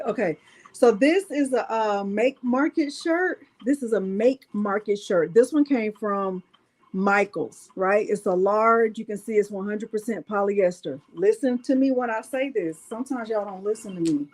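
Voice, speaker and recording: A woman's voice: medium pitch, normal speed, darkish tone, low-quality recording. A woman hosting a casual crafting livestream. She talks straight to her viewers in a playful, chatty way and uses dialect speech. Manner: dialect speech, drops verb endings. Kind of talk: casual live crafting chat.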